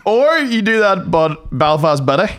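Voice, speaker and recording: A man's voice: high-pitched, big pitch swings, unhurried, fairly bright tone, slight background noise. A young man co-hosting a podcast, chatting casually and laughing often. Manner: giggly, laughs often, silly voices. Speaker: podcast co-host. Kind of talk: casual banter.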